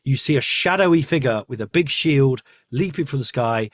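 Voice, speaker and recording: Male host, casual comic chat, animated rambling teller, dry studio sound. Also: mid-range voice, normal speed, no room sound. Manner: rambling, animated storytelling with asides. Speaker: podcast host.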